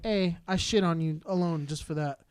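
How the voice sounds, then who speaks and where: Man from southern california, high voice, heated profane rant, rambling podcast talk. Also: normal speed, clean tone. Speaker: podcast co-host.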